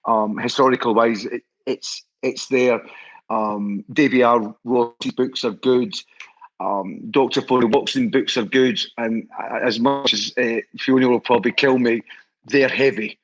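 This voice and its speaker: A man's voice: medium pitch, fairly even intonation, unhurried, muffled recording. Enthusiastic Scottish man, rambling. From Scotland. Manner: enthusiastic, rambling with many restarts. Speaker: guest, head of a historical society. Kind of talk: casual storytelling chat.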